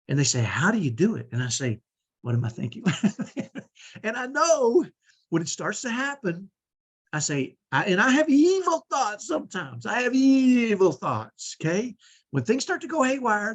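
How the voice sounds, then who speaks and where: A man's voice: medium pitch, breathy edge. A middle-aged man coaching parents in an online training talk, earnest and repetitive, often repeating a short phrase to himself.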